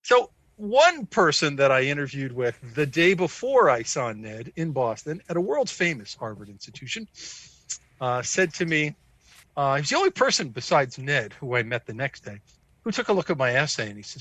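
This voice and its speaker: A man in his sixties with an American accent, a psychiatrist guest telling a personal story in an animated, self-deprecating way. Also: on the high side, moderate pace, dry recording. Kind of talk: conversational storytelling.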